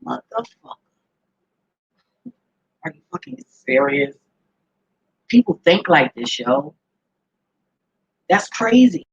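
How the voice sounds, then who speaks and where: A woman's voice: low-pitched, big pitch swings, slow, long pauses, breathy edge, no echo, dull audio. A woman ranting to camera in a blunt, profane way, often laughing as she talks. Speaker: vlogger. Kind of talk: casual ranting monologue to camera.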